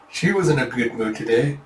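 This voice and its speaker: A man with a fairly high voice retells a comic volume in a casual, animated way and laughs often between lines. He sits back from the mic. The room adds a clear echo. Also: far from the mic. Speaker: reader retelling a manga. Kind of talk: casual comic-book readthrough.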